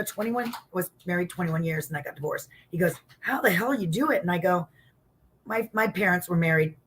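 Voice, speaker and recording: A middle-aged woman chats through a casual interview, a former wrestler spinning stories with lively acted-out quotes. Her voice sits a bit low for a woman, and she swears casually as she talks. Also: husky. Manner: animated storyteller who acts out quotes, swears casually.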